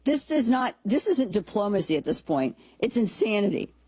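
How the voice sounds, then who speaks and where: A woman with a slightly husky, somewhat mellow voice hosts a political talk show, delivering opinionated commentary in a sarcastic, blunt, joking manner and often restarting sentences as she thinks aloud. Her pitch is medium, her delivery very animated, and her pace moderate. The recording is dry and close-miked, with no echo.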